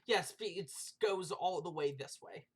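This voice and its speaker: A woman playing a tabletop game in casual chat, quick and matter-of-fact, a little impatient. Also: fairly low pitch, slightly rough. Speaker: player.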